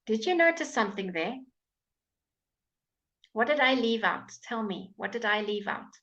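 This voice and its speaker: A woman with a British accent teaching English pronunciation in a live online class, enunciating words slowly and clearly, with frequent fillers. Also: a little high, lively intonation, fairly bright tone, dull audio. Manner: slow, clear, drawn-out enunciation with many fillers. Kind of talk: live online language lesson.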